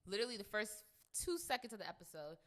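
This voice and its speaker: Animated young woman chatting on a podcast. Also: mid-range voice, fast talker. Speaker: podcast host. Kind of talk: casual chat.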